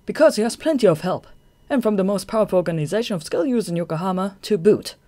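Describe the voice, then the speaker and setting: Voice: mid-range voice, big pitch swings, moderate pace, darkish tone, husky, pitched above the performer's own voice. A narrator voicing a helpful young man, speaking lightly and eagerly in a fan audiobook. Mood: teasing.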